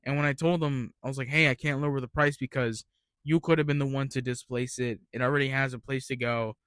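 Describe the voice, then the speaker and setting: A man's voice: medium pitch, fairly even intonation, a little fast, fairly bright tone, clean tone, dry recording. A young man telling retail work stories in a rambling, ranting casual monologue, swearing freely.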